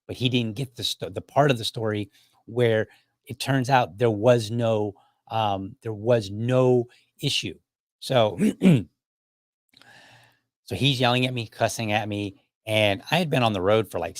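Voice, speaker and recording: Low-voiced man telling a story. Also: dry recording, studio quality. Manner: animated retelling, acts out quoted dialogue; frequent restarts and repeated words. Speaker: podcast host. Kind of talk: casual storytelling monologue.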